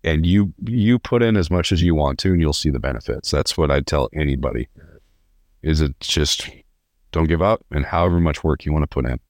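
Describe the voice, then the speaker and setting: A man's voice: extremely low pitch, fairly quick, dry recording, clean studio sound. A young man from California, a podcast guest telling stories in an earnest, rambling way with many restarts. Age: young adult. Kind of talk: casual interview.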